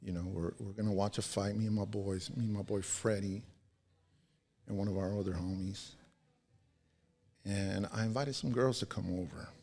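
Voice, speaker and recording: A man in his forties with a low, gravelly, husky voice tells stories on a podcast. He sounds laid-back and slangy, swears freely and keeps checking in with his listeners. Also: fairly even intonation, moderate pace, pauses often, warm tone. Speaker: podcast guest. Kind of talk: casual storytelling.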